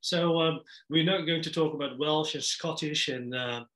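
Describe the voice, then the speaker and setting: A man puts a question to his guest, stumbling and hesitating with plenty of fillers along the way. His voice sits a little higher than most men's. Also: steady tone, sharp tone. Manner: halting, hesitant, many fillers. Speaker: interviewer. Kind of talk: interview question.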